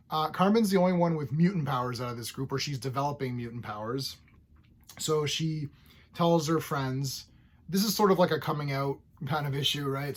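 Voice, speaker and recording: A man reviewing comic books in a casual vlog, opinionated and ranting, who clears his throat often. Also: mid-range voice. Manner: opinionated, ranting about story tropes.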